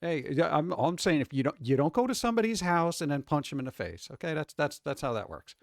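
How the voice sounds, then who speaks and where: A man's voice: fairly high pitch, sing-song, fast, creaky, no room sound, studio quality. A man streaming live, rambling casually and greeting chat viewers one by one.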